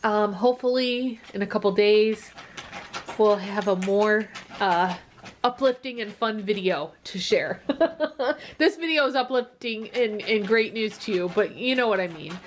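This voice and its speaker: A woman's voice: medium pitch, a little slow, a little hiss or hum. A woman vlogging a casual update, emotional and relieved, tearing up and talking with many fillers.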